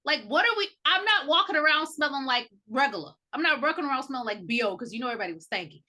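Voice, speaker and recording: Woman cohost, high bright voice, jokey and blunt, gets loud. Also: lively intonation, rapid-fire. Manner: blunt, joking banter with loud bursts. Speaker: podcast co-host. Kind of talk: casual movie recap.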